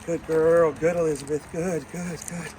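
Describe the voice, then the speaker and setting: Man training a dog outdoors. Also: moderate pace. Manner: switches between bright, high praise to the dog and calm explanation. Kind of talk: instructional dog training demo. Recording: outdoor mic with clear background noise.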